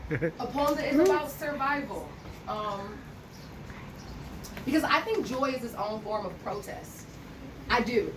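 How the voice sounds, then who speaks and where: A woman's voice: fairly high pitch, expressive, unhurried, pauses often, background noise. A woman from Cleveland, performing spoken-word poetry live in an art gallery with a rhythmic, playful refrain. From Cleveland, Ohio. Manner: rhythmic, playful call-and-response delivery with a repeated refrain. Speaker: poet. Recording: echoey gallery room from a distance.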